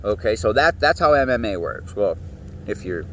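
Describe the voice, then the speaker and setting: A man rambles through a profane monologue, and his pitch swings widely as he talks. He sounds a little far from the mic, and faint noise runs underneath. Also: big pitch swings, normal speed, a bit bright. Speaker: show host.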